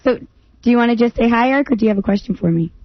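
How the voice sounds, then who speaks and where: A woman's voice: a little high, rapid-fire. Woman, radio guest, poised, playful, lightly amused, dull radio sound. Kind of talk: radio interview.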